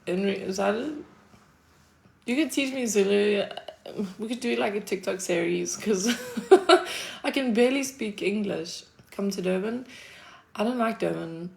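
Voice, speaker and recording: A woman's voice: medium pitch, moderate pace, gravelly, darkish tone. A South African woman chatting casually on a livestream, answering her chat with a laid-back manner, frequent laughs and casual swearing.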